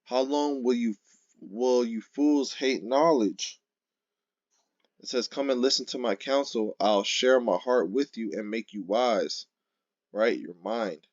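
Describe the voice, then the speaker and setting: A man giving an informal sermon, reading scripture verses slowly and then driving points home emphatically with frequent "okay?" and "right?". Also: mid-range voice, no echo, lo-fi sound. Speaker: street-style scripture teacher.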